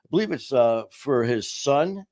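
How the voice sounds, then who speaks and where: A man's voice: mid-range voice, expressive, unhurried, darkish tone, no room sound, studio quality. Rambling upbeat man hosting a podcast. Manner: rambling, self-interrupting, upbeat. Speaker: podcast host. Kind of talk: casual chat.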